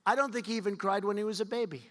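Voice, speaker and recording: A man's voice: high voice, racing, slight background noise. A man giving a rally speech at a fundraiser, repetitive, boastful and rambling. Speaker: political speaker at a fundraiser. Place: large event hall. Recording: long hall reverb.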